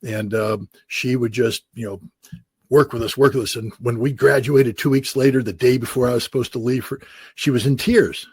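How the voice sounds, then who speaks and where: American man, 60s, husky storyteller, dry close mic. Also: mid-range voice, moderate pace, dry recording. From United States. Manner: animated anecdotes with quoted voices and chuckles. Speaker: guest. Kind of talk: storytelling in an interview.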